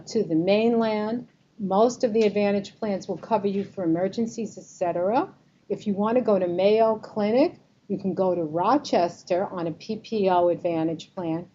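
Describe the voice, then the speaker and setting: Here the Medicare advisor, a woman with a New York accent, has a mid-range voice with a dark tone. She leads a casual seminar for a live audience in a meeting room, tossing out true-or-false questions. The audio is slightly muffled, and faint room noise can be heard.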